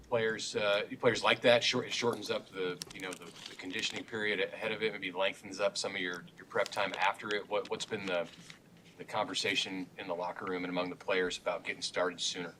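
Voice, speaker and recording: A male reporter with a deep but sharp-edged voice poses a long question at a press conference, restarting phrases along the way. He is heard off-mic, with faint noise behind. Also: far from the mic, low-quality recording.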